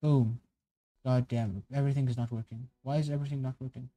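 Rambling streamer man, mellow voice. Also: mid-range voice, quick pace. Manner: rambling, self-correcting, excitable tangents. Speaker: streamer reacting to game cards. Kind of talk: casual reaction stream.

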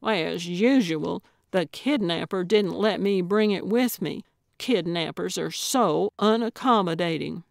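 A woman's voice: fairly low pitch, vocal fry, dry recording, studio quality. A woman reading as a cheeky elderly lady sleuth. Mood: sly. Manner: quick-witted, cheeky, indignant.

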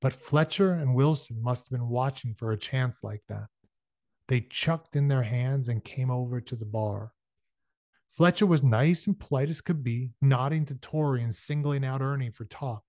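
A man's voice: mid-range voice, moderate pace, darkish tone, dry recording, studio quality. A man reading a novel aloud chapter by chapter, breaking in now and then with casual explanations for his listeners. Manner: casual explanatory asides between passages. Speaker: audiobook reader.

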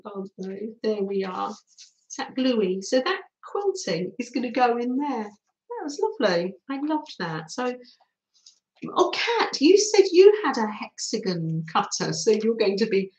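Slow, chatty woman crafting live. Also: mid-range voice, darkish tone, reverberant, poor audio. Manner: chatty and cheerful, greets viewers, laughs often. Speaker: craft livestream host.

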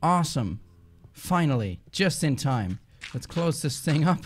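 A man with a Dutch accent, rambling chattily as he plays and narrates a game, and quick to get excited. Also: fairly high pitch, a little hiss or hum. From Netherlands. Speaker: gaming channel host. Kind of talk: casual let's-play commentary.

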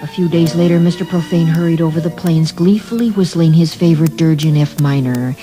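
A man narrating a children's audiobook in a measured, dramatic way. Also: fairly high pitch, mellow, soft background music, rough recording. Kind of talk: scripted storytelling for children.

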